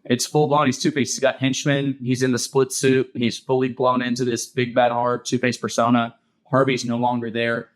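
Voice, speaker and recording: A man's voice: mid-range voice, little pitch movement, normal speed. A man co-hosting a podcast, eagerly retelling a cartoon episode in casual chat with many restarts. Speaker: podcast co-host.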